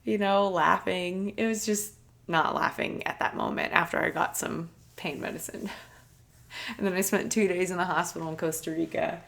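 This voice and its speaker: A woman hosting a podcast, telling a personal story in an earnest, soft-spoken, reflective way with light laughs. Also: lowish voice, fairly even intonation, normal speed, creaky. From United States. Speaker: podcast host.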